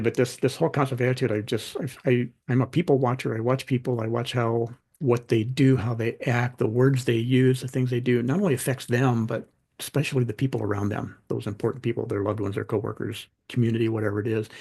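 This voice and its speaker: Gravelly, husky middle-aged man, guest on a podcast; storyteller who acts out the dialogue. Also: mid-range voice. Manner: animated anecdotes, acts out quoted dialogue. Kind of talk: conversational storytelling.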